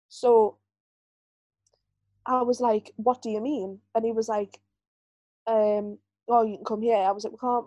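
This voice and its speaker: A woman's voice: fairly high pitch, warm tone, no room sound, poor audio. Chatty woman, rambling. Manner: rambling, candid storyteller full of "like" fillers. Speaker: podcast co-host. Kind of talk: casual chat.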